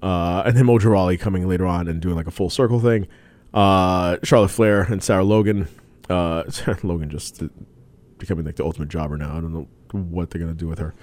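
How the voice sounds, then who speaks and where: A man's voice: low-pitched, steady tone, fairly quick, a little mellow, no echo. A man co-hosting a casual wrestling chat, who laughs often and restarts his sentences. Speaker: podcast co-host.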